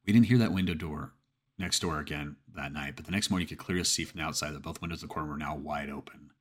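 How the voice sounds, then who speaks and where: Deep, husky male horror narrator. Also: quick pace. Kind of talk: scripted horror story narration.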